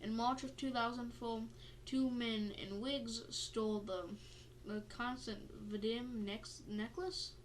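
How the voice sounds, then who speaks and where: A woman's voice: fairly high pitch, fairly even intonation, takes it slowly, a little hiss or hum. A woman co-hosting a podcast in casual chat, tired and yawning, playful and jokey as she wanders off-topic. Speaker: podcast co-host.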